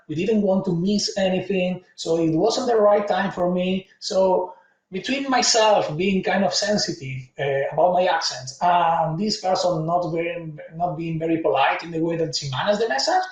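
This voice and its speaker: A man's voice: sits high, a little mellow. A man in his forties from Latin America, giving an earnest conference talk full of personal stories. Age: 40s. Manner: earnest, anecdotal, non-native phrasing. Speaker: conference speaker. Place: conference room. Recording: echoey room, distant mic.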